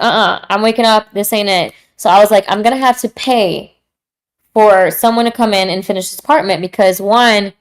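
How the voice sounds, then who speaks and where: Candid, slangy woman podcaster. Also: mid-range voice. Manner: candid and slangy, straight to the point. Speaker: podcast host. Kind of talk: casual talk.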